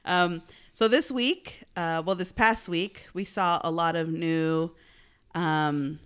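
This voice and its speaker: Bright-voiced woman co-hosting a chatty podcast. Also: lowish voice, steady tone, takes it slowly, smooth. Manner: chatty, with many fillers and restarts. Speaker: podcast co-host. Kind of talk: casual chat.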